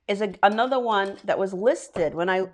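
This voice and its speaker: A woman co-hosting a loose comedy chat, her voice at a middle pitch. She reads out viewer comments and rambles in a chatty, giggly, self-mocking way. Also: moderate pace. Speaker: comedian and co-host.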